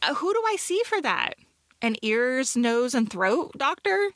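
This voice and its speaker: Animated middle-aged woman, slightly high. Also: unhurried, no room sound, studio quality. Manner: animated, self-mocking storyteller, many fillers. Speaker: podcast co-host. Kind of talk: casual podcast chat.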